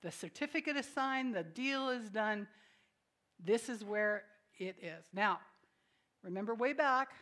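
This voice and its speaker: A woman preaching a sermon in a conversational way, asking the congregation questions and adding quiet, joking asides between emphatic statements. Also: on the high side, animated, unhurried. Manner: swings from emphatic declarations to soft, quiet asides.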